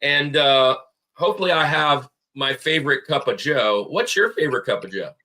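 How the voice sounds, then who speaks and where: A man's voice: mid-range voice, expressive, normal speed, pushed and bright. A man co-hosting a casual podcast, rambling and laughing as he tells stories. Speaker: podcast co-host.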